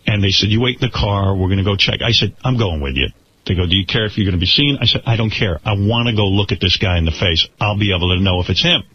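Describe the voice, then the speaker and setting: Husky-voiced man telling a radio story. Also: lowish voice, fast talker. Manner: animated storytelling, acting out quoted dialogue, stammering restarts. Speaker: radio show host. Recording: slightly dull radio broadcast sound.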